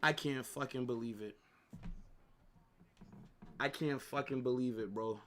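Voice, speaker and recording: A man's voice: mid-range voice, a little slow, a bit bright, a little hiss or hum. A young man hosting a live football watch-along, ranting and swearing in frustration. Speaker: livestream host.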